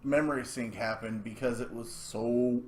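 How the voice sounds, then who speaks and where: A man with an ordinary middle-pitched voice joins a podcast chat, weighing his points in a measured way. A crowd murmurs clearly behind him, and his words cut through the chatter. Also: fairly even intonation. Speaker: podcast co-host. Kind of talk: casual chat.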